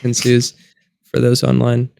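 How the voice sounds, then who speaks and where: A young man in his twenties talks in a low, gravelly voice that barely rises or falls. He chats in a laid-back, halting way, full of fillers. The sound is dry and close. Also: completely flat delivery, darkish tone, dry recording. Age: 20s. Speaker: podcast guest, college student. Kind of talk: casual chat. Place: college town studio room.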